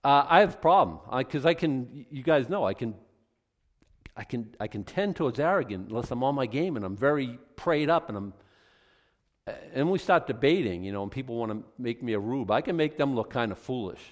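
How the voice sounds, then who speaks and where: A man's voice: medium pitch, lively intonation, brisk, in a large hall. A male pastor teaching a Bible study, fired up and emphatic, with conversational asides to the congregation.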